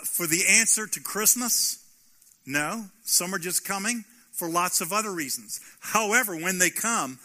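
Man, pastor, high bright tone, preaching with repeated lines and questions to the congregation. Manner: preaching with rhetorical questions and emphatic repetition. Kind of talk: sermon.

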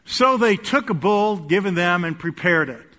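A male pastor preaching a sermon in a church, swinging between loud urging and quiet asides. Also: sits high, expressive, moderate pace. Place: church sanctuary. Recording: echoey hall.

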